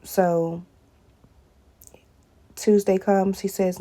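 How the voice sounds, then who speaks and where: A woman's voice: on the low side, level tone, unhurried, gravelly, mellow. A woman speaking straight to her viewers in a personal video blog, often addressing them directly and repeating short phrases.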